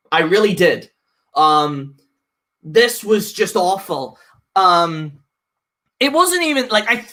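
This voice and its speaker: A man with a bright, forceful voice rants through a casual live review. He rambles and restarts often, exasperated and full of fillers. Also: sits high. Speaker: host reviewing a wrestling show.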